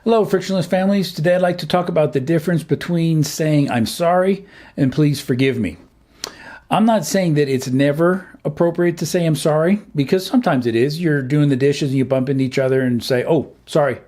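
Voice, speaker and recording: A man's voice: a little high, fairly quick, mellow. A middle-aged man hosting a family advice talk, speaking earnestly and plainly with frequent filler words. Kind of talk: direct-to-camera advice talk.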